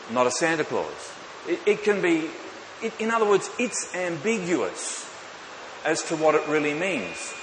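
A man's voice: fairly high pitch, big pitch swings, unhurried. A man preaching a sermon, emphatic, with rhetorical questions to the congregation and light joking asides. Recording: echoey hall with faint hiss.

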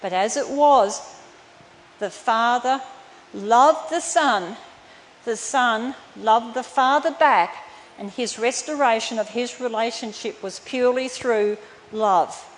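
A woman's voice: a little high, slow pace. A woman preaching a sermon in an earnest, emphatic way that turns tender. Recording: reverberant hall, faint room noise.

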